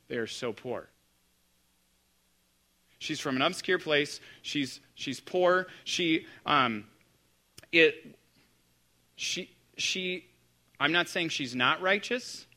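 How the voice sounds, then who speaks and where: A man preaching a conversational sermon, animated and dryly self-deprecating. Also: a little high. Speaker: pastor.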